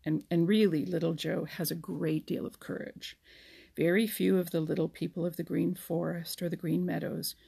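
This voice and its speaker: A woman narrating a children's storybook at a slow, careful pace, now and then stumbling and restarting a word. Her voice is low, husky and gravelly. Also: steady tone, mellow. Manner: slow reading with small slips and restarts. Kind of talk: storybook reading.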